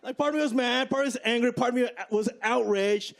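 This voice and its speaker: A man's voice: very high-pitched, fast talker, vocal fry. A man in his forties from the Midwest doing a stand-up set, chatty and conversational, tagging lines with "right?" and "okay?". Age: 40s. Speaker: stand-up comedian. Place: comedy club stage. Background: audience laughter.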